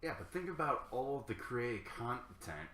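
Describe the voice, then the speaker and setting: A man's voice: mid-range voice, very animated, unhurried, bright, forceful tone, a little hiss or hum. A man co-hosting a casual gaming chat, dry and teasing with short replies. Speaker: podcast co-host. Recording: roomy, from a distance.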